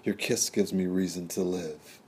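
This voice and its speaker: A man's voice: sits low, fairly even intonation, unhurried, breathy edge. A man voicing a wealthy, lovesick French sugar baron in an audiobook, pleading in flowery, romantic speech.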